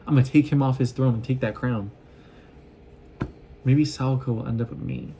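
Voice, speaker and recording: A man talks through a show he loves, gushing and rambling as he acts out the characters' lines. His voice is mellow and relaxed, pitched in an ordinary middle range, with a faint hum of noise behind him. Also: normal speed, gravelly, long pauses. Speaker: vlogger recapping an anime. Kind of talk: casual rambling recap.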